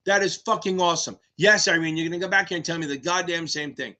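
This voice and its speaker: A man in his fifties hosting a live exam Q&A stream, talking fast, cursing and rambling. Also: a little high, bright, forceful tone. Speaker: exam tutor, stream host.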